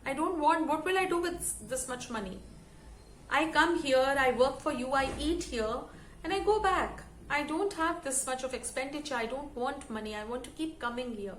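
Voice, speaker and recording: A woman's voice: sits high, a little fast, few pauses, a bit bright, echoey room, a little hiss or hum, poor audio. A woman voicing an elderly devoted house maid, humble and emotional, speaking in a raised, pleading way. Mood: protesting.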